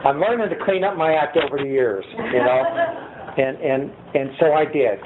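Speaking over a noisy crowd, an older man with a fairly high, animated voice gives personal testimony at a recovery meeting from a podium in a meeting room. At a moderate pace he rambles, chuckles, and pokes fun at himself, and the tinny lo-fi line carries a faint hiss.

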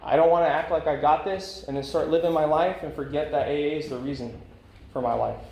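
Speaking briskly in a fairly high, gravelly yet slightly mellow voice with fairly even intonation, a man in his thirties gives a personal recovery talk. He's candid and rambling, using many fillers. The meeting room recording is echoey with faint ambience.

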